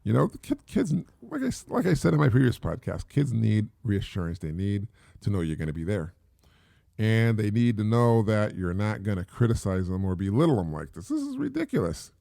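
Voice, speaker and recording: Gravelly low-voiced man rambling on a podcast. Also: wildly swooping pitch, fairly quick, dark tone, no echo, studio quality. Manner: rambling, conversational, with frequent fillers and repeats. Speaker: podcast host. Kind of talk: casual solo podcast talk.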